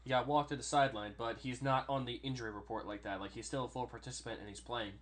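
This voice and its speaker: Young male podcast co-host, lively sports chatter, quick to laugh and mimic players. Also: mid-range voice. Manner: animated, laughs often, does player impressions. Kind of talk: casual sports chat.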